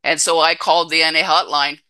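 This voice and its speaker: Man in recovery telling his story, bright-edged voice, blunt and swearing, drops from fierce to hushed. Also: a little high, little pitch movement, fairly quick, smooth. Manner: raw, blunt and heavily profane, swinging from intense to hushed. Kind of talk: personal recovery testimony.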